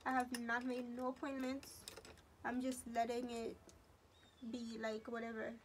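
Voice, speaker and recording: A teenage beauty vlogger narrates each step of her makeup tutorial in a chatty, casual way. Her voice is high, but her delivery is completely flat and unhurried, with a little hiss or hum in the recording.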